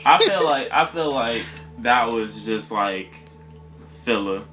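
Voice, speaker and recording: A man's voice: medium pitch, animated, slow pace, over music. A man from the American South co-hosting a podcast, talking in a loose, rambling way with slang and frequent laughter. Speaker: podcast co-host. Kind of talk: casual chat.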